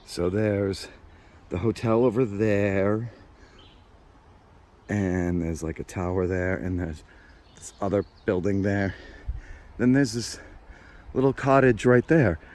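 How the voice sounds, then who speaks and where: A man's voice: fairly low pitch, steady tone, takes it slowly, pauses often, darkish tone. A man vlogging as an urban explorer, chatting casually while he walks around outdoors on a handheld camera. He rambles and is nervous about getting caught. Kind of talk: casual walk-through narration. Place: outdoors on abandoned resort grounds.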